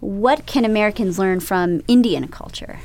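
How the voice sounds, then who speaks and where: A woman hosting a radio interview show, narrating and asking measured, probing questions. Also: mid-range voice, a little mellow, slight background noise.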